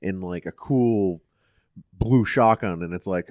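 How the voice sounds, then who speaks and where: A man's voice: low-pitched, moderate pace, darkish tone, no room sound, studio quality. A young man co-hosting a casual gaming podcast, giving blunt, emphatic opinions. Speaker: podcast co-host.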